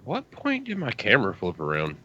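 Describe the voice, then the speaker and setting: A man co-hosting a casual chat over a video call, joking and quick to laugh in lively banter. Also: on the low side, no room sound, lo-fi sound. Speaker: co-host. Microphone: video call mic.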